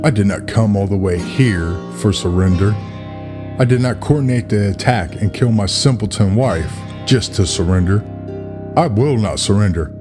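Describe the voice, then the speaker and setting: A man's voice: lowish voice, natural voice. A man voicing a ruthless, scheming king in a spoken story, cold and sarcastic, with music playing behind. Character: ruthless scheming middle-aged male king.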